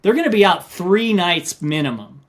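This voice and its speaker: Here a middle-aged male ultramarathon runner and coach speaks at a moderate pace in a high-pitched voice. Interviewed on a podcast, he's an animated storyteller who acts out the things people told him.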